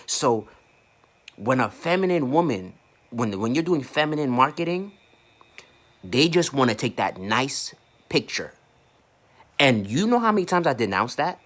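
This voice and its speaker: A man's voice: mid-range voice, sing-song, measured pace, long pauses, fairly bright tone. A man working as an online marketing coach, ranting casually to camera in a blunt, profane way and tripping over repeated words.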